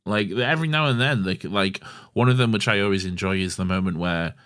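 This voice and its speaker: A man's voice: low voice, a little fast, fairly bright tone, no echo, studio quality. A man co-hosting a podcast in casual chat, teasing and swearing freely. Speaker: podcast co-host.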